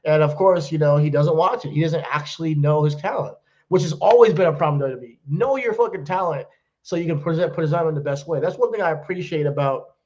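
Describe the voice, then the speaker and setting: A man's voice: a little high, fast, darkish tone, dull audio. A man co-hosting a podcast in casual chat, ranting bluntly and swearing freely. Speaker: podcast co-host.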